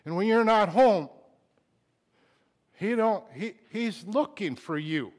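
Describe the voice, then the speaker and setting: A middle-aged man preaching a sermon, moving between quiet confiding talk and loud impassioned bursts, emotional at times. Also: high-pitched, animated, slow pace. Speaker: pastor.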